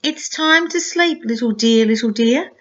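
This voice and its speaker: Older grandmother reading to a small child; gentle, sing-song, unhurried, higher voice. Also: muffled recording. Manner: gentle, sing-song storytelling with soft asides. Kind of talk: reading a picture book aloud to a small child.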